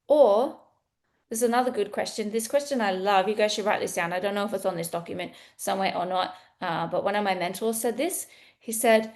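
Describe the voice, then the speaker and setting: A woman's voice: medium pitch, a little fast. A woman sales coach teaching in a casual, blunt, playful way, acting out bits of sales calls. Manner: animated, blunt, playful, acts out sales dialogue.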